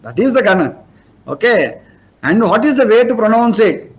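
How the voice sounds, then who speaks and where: A man's voice: sits high, big pitch swings, moderate pace, poor audio. An older man with an Indian English accent giving a spiritual lecture, explaining step by step and asking rhetorical questions. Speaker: lecturer on scripture.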